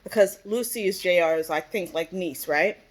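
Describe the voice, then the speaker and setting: A woman's voice: lowish voice, normal speed. Chatty woman recapping a TV episode. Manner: chatty, lots of "like" and "you know", acts out characters' lines. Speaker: vlogger.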